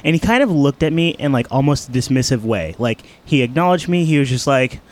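A young man recounting a tense encounter in casual chat, earnest, with halting restarts. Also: medium pitch, animated.

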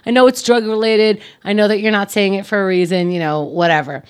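A woman with a New York accent chatting on a casual show. She tells stories with lots of energy, swears freely and breaks into laughs. Her voice sits in a middle pitch for a woman. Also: brisk, clear, resonant tone. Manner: animated storyteller, swears freely, laughs often. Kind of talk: casual chat.

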